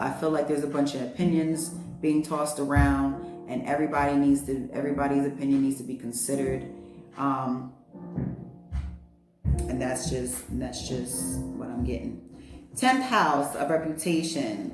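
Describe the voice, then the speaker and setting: A woman's voice: extremely low pitch, normal speed. A woman giving a casual spiritual astrology reading, chatty and heartfelt, with lots of fillers and slang. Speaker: astrology and tarot reader. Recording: roomy echo, faint music behind.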